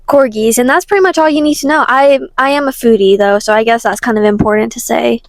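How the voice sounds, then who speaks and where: Giggly high-voiced teenage girl. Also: quick pace, no room sound, poor audio. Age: teens. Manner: giggly, rambling, self-correcting. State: tired and foggy. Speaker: podcast host. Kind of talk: casual podcast chat.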